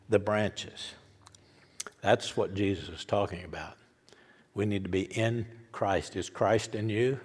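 An older man preaching a sermon, folksy and repetitive with frequent restarts. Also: fairly low pitch. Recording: reverberant church hall.

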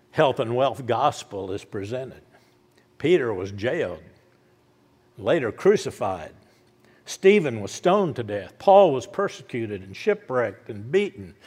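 A man preaching a sermon, repeating lines with rising emphasis and dropping soft and low at the ends of thoughts. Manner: emphatic repetition, rising to loud declarations. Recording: long hall reverb.

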